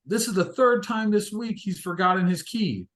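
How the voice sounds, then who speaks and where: A man voicing an angry, exasperated man shouting from a doorway. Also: high-pitched, normal speed, pitched above the performer's own voice.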